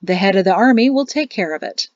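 Woman reading as an older general, storybook audiobook, sly, fatherly, formal and measured, dull lo-fi. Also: mid-range voice, animated, no echo, natural voice. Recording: dull lo-fi, dry closet sound.

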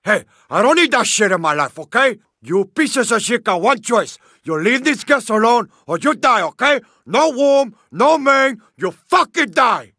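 An actor playing a hot-tempered gangster who barks threats in mixed English and Spanish. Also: male voice, very high-pitched, sing-song, unhurried, hardly any pauses, pushed and bright, no echo, clean studio sound, full character voice. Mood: menacing.

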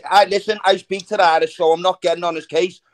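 Guy in a heated chat, keeps questioning, higher voice. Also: steady tone, quick pace. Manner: pressing, questioning. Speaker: livestream participant. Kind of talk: argumentative chat.

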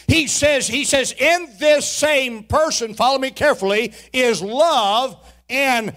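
A man's voice: extremely high pitch, unhurried. A man preaching a sermon in a church, calling for responses from the congregation and throwing in folksy, humorous asides. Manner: preaching with shouted peaks and call-and-response. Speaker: pastor. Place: church sanctuary.

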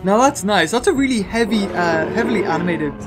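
A British man giving excitable gameplay commentary as a gaming video host, gushing and laughing between lines. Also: high-pitched, fairly quick, loud music behind the voice.

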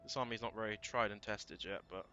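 A man thinking aloud through a strategy game, casual and prone to swearing and sudden shouts. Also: fairly low pitch, fairly even intonation, a little fast, lo-fi sound, soft background music. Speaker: let's play gamer. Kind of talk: casual gameplay commentary.

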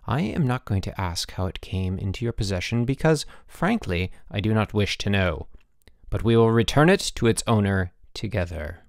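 A man voicing a stern older housemaster who speaks quietly with clipped authority. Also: fairly low pitch, animated, moderate pace, gravelly, no echo, clean studio sound. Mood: commanding.

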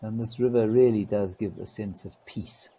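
A man hosting a live wildlife stream, talking in a relaxed, gently wry way and greeting viewers. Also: on the low side, moderate pace, breathy edge, low-quality recording.

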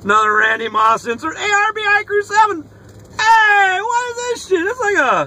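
Very high, lively excitable man. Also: normal speed, slight background noise. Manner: excitable, profane, hollering. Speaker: sports card collector opening mail. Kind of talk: casual card-opening vlog. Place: inside a car. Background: rock music playing faintly.

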